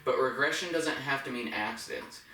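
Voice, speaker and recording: A male dog trainer talks through a demonstration, laying out each step plainly and cheering the dog on. His voice has a bright edge. It is recorded a little away from the mic in an echoey indoor room with a faint hum of ambience behind him. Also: mid-range voice, moderate pace. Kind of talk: instructional demonstration. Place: indoors in a home. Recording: roomy, from a distance.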